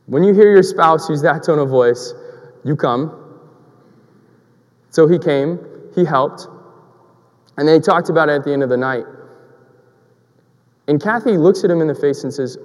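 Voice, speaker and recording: A man's voice: fairly high pitch, unhurried, long pauses, in a large hall. A man preaching a sermon in a conversational, storytelling way, asking rhetorical questions.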